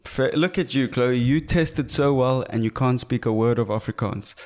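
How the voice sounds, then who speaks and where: A man's voice: medium pitch, normal speed, darkish tone. Joking, profane man. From South Africa. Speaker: podcast co-host. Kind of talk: casual chat.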